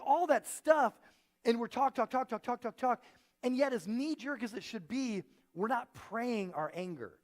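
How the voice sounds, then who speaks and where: A man preaching a sermon as pastor, telling stories and acting out the people he quotes. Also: high voice. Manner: animated storytelling, acting out quoted voices. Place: church auditorium.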